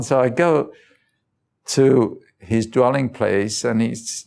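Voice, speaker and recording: A man's voice: mid-range voice, creaky, darkish tone. A man giving an informal talk, telling personal stories in loose, conversational phrasing and chuckling often. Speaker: guest speaker.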